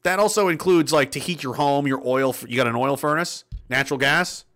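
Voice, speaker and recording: A man's voice: on the high side, fairly quick, fairly bright tone. A man giving an indignant, sardonic political rant on his vlog and swearing freely. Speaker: political commentator.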